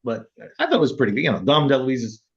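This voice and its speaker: Lively-voiced man chatting about films. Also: quick pace. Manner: rambling, laughs often, acts out quotes in a high voice. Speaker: podcast co-host. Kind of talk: casual film chat. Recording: dull lo-fi sound.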